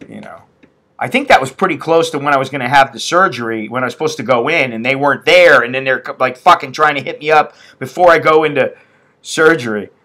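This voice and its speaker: Middle-aged man from the States, bright forceful voice, swearing freely on a live-stream rant. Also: medium pitch, fast talker. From United States. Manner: profane, venting, blunt. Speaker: expat vlogger.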